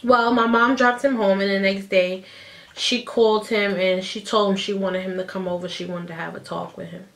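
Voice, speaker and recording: A woman in her thirties, telling a personal story to the camera in a chatty, animated way and acting out what others said. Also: mid-range voice, normal speed, vocal fry. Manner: animated, chatty, acts out quotes. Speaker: vlogger. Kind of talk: casual storytime.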